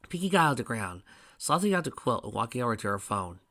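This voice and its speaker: A man's voice: mid-range voice, very animated, fast, bright, forceful tone. A man reading a story aloud as narrator. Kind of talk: audiobook reading.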